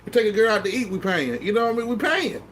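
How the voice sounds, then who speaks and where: A man's voice: high-pitched, sing-song, fast, fairly bright tone, a little hiss or hum. A tipsy man rambling in casual chat to his viewers, stammering through restarts and swearing constantly. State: tipsy from drinking. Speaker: vlogger.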